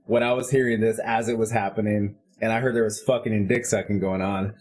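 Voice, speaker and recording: A man's voice: fairly low pitch, steady tone, brisk, darkish tone. A man co-hosting a casual podcast chat, chiming in with short dry remarks and chuckles. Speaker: podcast co-host.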